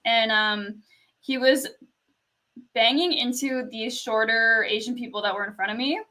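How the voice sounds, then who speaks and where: A young woman from Canada tells a story in relaxed conversation. Her speaking voice is quiet and fairly high, with a bright, clear edge. She fills her sentences with "like" and small laughs. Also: measured pace, rough recording. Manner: soft-spoken storyteller, lots of "like" and laughs. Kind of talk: casual chat.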